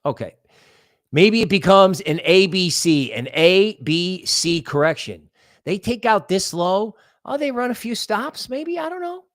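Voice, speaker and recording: A man hosting a crypto livestream, talking excitedly and rambling from one thought to the next. His voice sits a little high for a man. It sounds close and dry, with no room echo. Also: measured pace. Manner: excitable, rambling, thinks aloud. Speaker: crypto channel host. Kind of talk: livestream market commentary.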